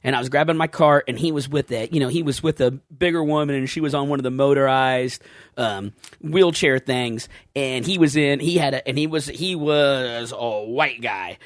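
A man's voice: medium pitch, normal speed, dry recording, clean studio sound. A man co-hosting a podcast, telling an amused, profane anecdote in casual chat.

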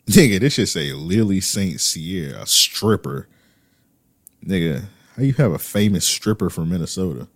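A man's voice: low-pitched, animated, moderate pace, no room sound. A man co-hosting a casual chat, bantering loosely with heavy slang.

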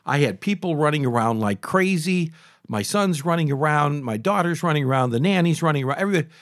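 A man in his sixties hosting a talk show, telling a story in a chatty, animated way full of restarts and asides. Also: on the high side, fast talker, dry recording, clean studio sound. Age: 60s. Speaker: radio talk show host. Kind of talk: casual storytelling monologue.

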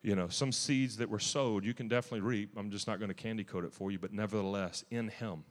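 A man with a fairly low voice delivers a sermon in a church. He talks with zealous emphasis, restarts his sentences and breaks into sudden louder bursts. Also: fairly even intonation, fast talker, long reverb tail. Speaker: preacher. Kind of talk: sermon testimony.

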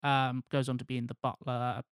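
A man's voice: medium pitch, level tone, brisk, clean tone, no echo, studio quality. A man co-hosting a casual podcast chat, presenting a cast list and reading a plot from notes in a laid-back way, swearing now and then. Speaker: podcast co-host presenting a film pitch.

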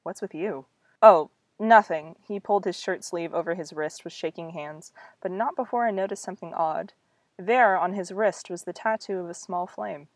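A woman's voice: lowish voice, moderate pace, no echo. A young woman reading her own old story aloud, breaking off for wry, self-mocking asides. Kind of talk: reading aloud with casual commentary.

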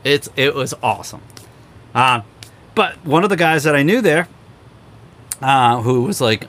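A young man hosting a podcast, telling road stories in a casual, animated way and acting out other people's lines. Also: moderate pace, long pauses. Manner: animated storyteller, acts out quoted people in higher voices. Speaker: podcast host. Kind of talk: casual storytelling chat.

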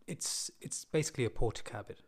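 A man casually telling a personal story from his school days, with relaxed, self-deprecating asides. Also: fast.

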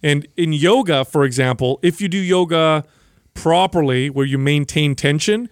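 A man's voice: on the high side, moderate pace, clean tone, dry recording, clean studio sound. A man co-hosting a casual fitness podcast, explaining emphatically and correcting misconceptions. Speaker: podcast co-host.

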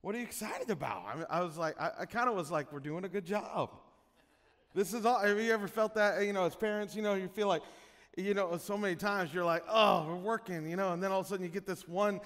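A man in his thirties leads a church service in a high, bright voice, chatty and teasing with the congregation. His words ring out with the long reverb of a large church hall. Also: quick pace. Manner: playful, chatty, teasing the crowd. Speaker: pastor. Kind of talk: sermon opening, casual and joking with the congregation.

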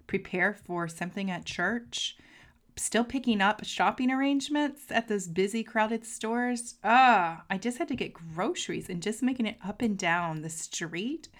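A woman hosting a podcast as a coach, talking to listeners in an earnest, heartfelt way and sometimes dropping to a soft near-whisper. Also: medium pitch. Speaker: podcast host and marketing coach. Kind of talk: casual podcast monologue.

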